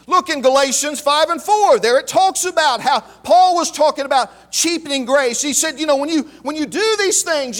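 High-voiced, animated male preacher. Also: normal speed. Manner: emphatic, repeats key phrases, calls out to the congregation. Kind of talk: sermon.

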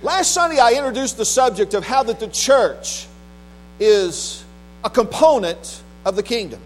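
This male pastor's voice is extremely high and animated. He delivers a solemn, measured scripture reading, then plain-spoken preaching with a few restarts, all on poor audio marked by a faint mains hum.

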